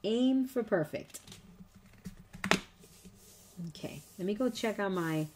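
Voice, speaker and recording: Woman, craft instructor, chatty, encouraging, playful teasing, medium pitch, faint background noise. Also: animated, slow pace. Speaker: scrapbooking instructor. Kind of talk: live online craft class.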